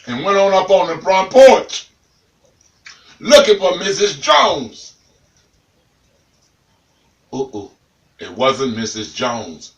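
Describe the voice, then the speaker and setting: A man telling a comic tale in an animated, dramatic way, talking straight to the listener. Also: a little high, creaky, reverberant, recorded from a distance, low-quality recording. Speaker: storyteller.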